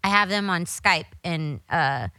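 A woman's voice: lowish voice, a little slow, dry recording, poor audio. A woman hosting a casual chat show, telling a story with lots of swearing and acting out what people said. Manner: profane, animated storyteller acting out quotes. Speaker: podcast host.

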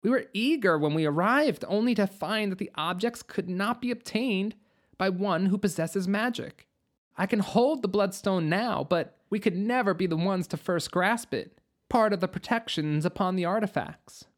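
A narrator voicing a guarded young female witch who speaks softly and pointedly. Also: medium pitch, normal speed, pitched above the performer's own voice, natural voice. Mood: somber.

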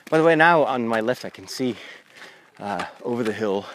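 Man, priest, walking podcast, rambling chatty delivery, mid pitch, outdoor lavalier recording, faint background noise. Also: expressive, normal speed, a bit bright. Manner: rambling, conversational, with frequent restarts. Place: outdoors on a country path. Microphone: lavalier mic on a phone.

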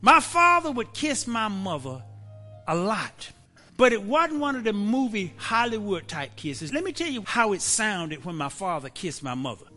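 A high-pitched, animated preaching man. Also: normal speed, in a large hall, faint music behind. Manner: preaching, swinging from hushed whispers to shouts. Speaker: pastor. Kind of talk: sermon. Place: church.

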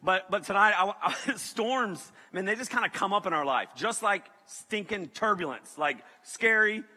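Man preaching, high voice, very bright and sharp tone, long hall reverb. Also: moderate pace. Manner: animated, keeps checking in with "okay?". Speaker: pastor. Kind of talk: comedic sermon storytelling.

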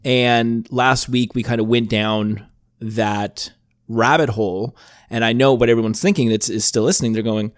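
A man hosting a podcast with a throaty voice, rambling casually and clearing his throat often. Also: medium pitch, fairly even intonation, normal speed, no room sound, clean studio sound. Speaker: podcast host. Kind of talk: casual chat.

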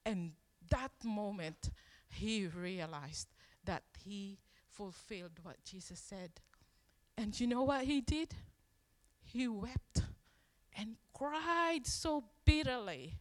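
A woman's voice: mid-range voice, takes it slowly, darkish tone, big-room sound. A woman preaching a sermon in a conversational storytelling way, acting out the quoted lines as she tells the story.

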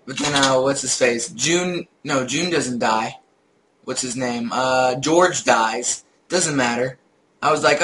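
A young man co-hosting a podcast, chatting casually about video games and telling animated stories with frequent laughs. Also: medium pitch, slow, slight background noise, poor audio. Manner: animated storyteller, laughs often. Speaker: podcast co-host. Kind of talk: casual gaming chat.

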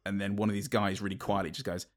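A man co-hosting a podcast, talking through favourite film moments in a halting way with many restarts and a dry sense of humour. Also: lowish voice, little pitch movement. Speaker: podcast co-host. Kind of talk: casual film review chat.

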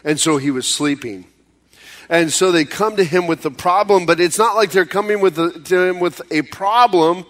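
A pastor preaching a sermon in a conversational way, acting out pleas in sudden high bursts and dropping low and slow for serious points. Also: male voice, fairly bright tone.

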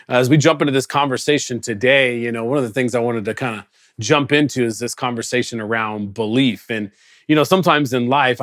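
A male pastor with a mid-range voice delivers a casual, conversational sermon, animatedly telling stories and acting out quotes. It was recorded away from his congregation during lockdown, and the sound is dry and clean, like a studio.

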